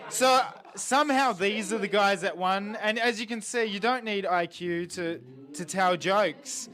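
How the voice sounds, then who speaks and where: A man with a high, light voice hosting backstage chats. He teases and jokes casually with contestants. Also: a little slow, fairly bright tone. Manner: joking and teasing. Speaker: comedy show host.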